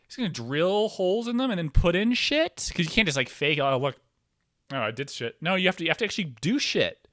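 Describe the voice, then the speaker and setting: A young man talks alone to camera, rambling and swearing, jumping from loud exclaims to half-muttered asides. His voice sits at an ordinary middle pitch. The sound is close and dry. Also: big pitch swings, fast, dry recording. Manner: rambling, profane, swinging between loud outbursts and mumbling. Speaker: podcast host. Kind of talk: casual solo talk to camera.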